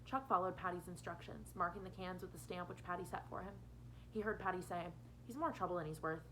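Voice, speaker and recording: A woman's voice: lowish voice, steady tone, fast, bright, forceful tone, slight background noise, low-quality recording. A woman teacher reading a novel aloud to her students, changing her voice for each character.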